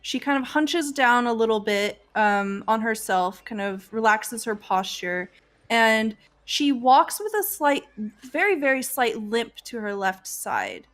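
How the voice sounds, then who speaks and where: A woman player in a tabletop game describing her character's actions in a deliberate way. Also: on the high side, sing-song, a bit bright. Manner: slow, deliberate.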